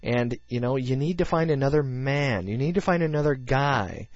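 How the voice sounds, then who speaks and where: A man's voice: medium pitch, expressive, normal speed, no echo. A man hosting a casual faith podcast, talking earnestly and rambling with many fillers, recorded in a dull, lo-fi way. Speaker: podcast host. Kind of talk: casual faith talk show.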